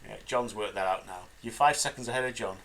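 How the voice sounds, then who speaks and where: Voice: medium pitch, fast talker, fairly bright tone, poor audio. A podcast co-host with a northern English accent, giving wry, casual watch-along commentary and laughing often. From northern England. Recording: background noise.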